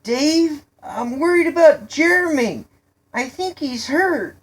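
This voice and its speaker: A woman voicing a young boy who shouts in a high, strained voice, lost and scared, in a storybook reading. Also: lively intonation, slow. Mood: panicky shouting. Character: panicky young boy thrill seeker, loud.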